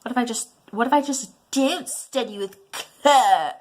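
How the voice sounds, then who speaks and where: A woman's voice: on the high side, measured pace, pitched above the performer's own voice. A woman voicing a defiant, sarcastic teenage son in a browser game, exasperated with his parents.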